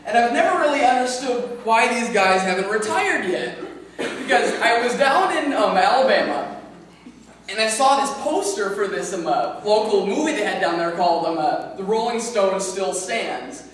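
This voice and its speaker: A man's voice: high-pitched, expressive, moderate pace, a bit bright, slight background noise. A man doing stand-up comedy at an open mic, with a rambling delivery full of fillers, talking through his own laughs. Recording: echoey room from far off.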